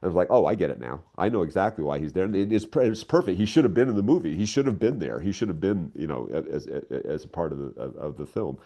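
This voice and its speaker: A man's voice: sits low, fast, hardly any pauses. An older man speaking as a guest writer in a casual interview, telling stories with enthusiasm. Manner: enthusiastic, animated storytelling.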